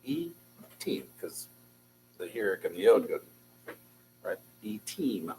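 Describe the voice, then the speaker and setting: A man's voice: deep voice, expressive, takes it slowly, darkish tone, slight background noise, low-quality recording. A man teaching a beginners' Hebrew class, patiently drilling syllables and encouraging his students. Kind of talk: classroom language lesson.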